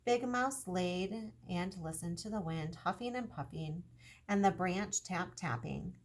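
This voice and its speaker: Woman teacher reading a storybook to children, gentle, expressive, slightly husky. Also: on the low side, measured pace. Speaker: kindergarten teacher. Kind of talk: children's story read-aloud.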